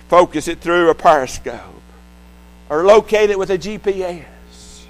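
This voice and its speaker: An older man with grandchildren preaching a sermon, swinging from loud passages to hushed ones and putting repeated questions to the congregation. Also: a little high, rough recording.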